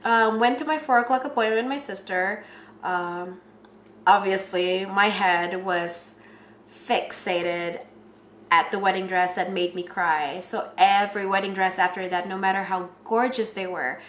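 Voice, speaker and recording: A young woman casually telling her story of shopping for a wedding dress, animated, acting out quotes in a higher voice. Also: measured pace, roomy sound, a little hiss or hum.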